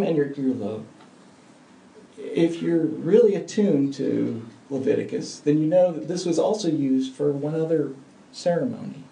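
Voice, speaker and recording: A man delivers an earnest, emphatic sermon, swinging between hushed and loud passages. His voice is gravelly and mellow, sitting a little high. The sound is roomy and picked up from a distant mic in a church. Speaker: pastor. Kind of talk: sermon with closing prayer.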